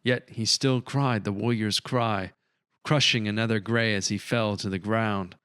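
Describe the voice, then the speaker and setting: A male audiobook narrator who reads with steady, measured storytelling. His low voice is smooth and resonant. The sound is dry and close, with no room around it. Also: no echo. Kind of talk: scripted narration.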